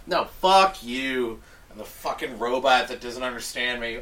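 A man in casual chat, ranting in an exasperated, animated way with heavy swearing. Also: medium pitch, normal speed, distant mic.

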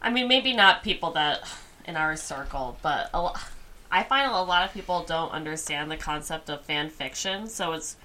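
A woman chatting casually, animated and profane, often laughing. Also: sits low, moderate pace. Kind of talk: casual chat.

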